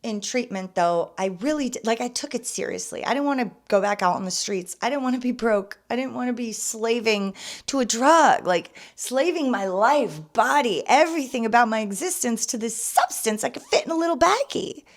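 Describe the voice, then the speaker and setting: Earnest young woman, fairly high voice. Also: animated, normal speed. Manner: earnest and confessional, swinging between soft and emphatic. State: emotional, near tears at times. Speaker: podcast host. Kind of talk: casual personal testimony.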